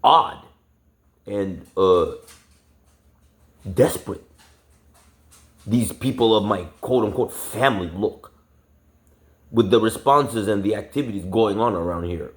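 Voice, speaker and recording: A man with a very deep, low voice delivers an agitated, profanity-laced rant to his camera. He rambles, circles back on himself and leans on fillers as he vents. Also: takes it slowly, pauses often. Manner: profane, agitated, heavy swearing; rambling with many fillers and restarts. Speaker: vlogger. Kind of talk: angry personal rant.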